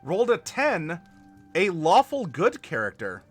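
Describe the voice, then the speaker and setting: A man hosting a live tabletop worldbuilding stream, chatting to viewers and halting over fillers as he spells out dice commands. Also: high voice, huge pitch swings, faint music behind. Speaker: game master and stream host.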